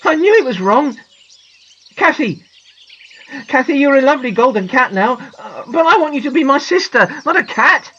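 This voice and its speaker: A woman's voice: low voice, big pitch swings, brisk, dull audio. A woman voicing an earnest, well-behaved little boy in a storybook, worried and scolding. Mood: frightened. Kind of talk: storybook reading.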